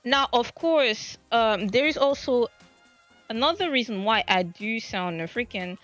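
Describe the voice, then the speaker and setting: A woman's voice: fairly high pitch, animated, unhurried, a bit bright, faint music behind. A woman streamer from the French Caribbean with a French Caribbean Creole accent, chatting casually in a rambling, self-deprecating way with many restarts. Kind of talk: casual chat. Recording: dull lo-fi stream audio.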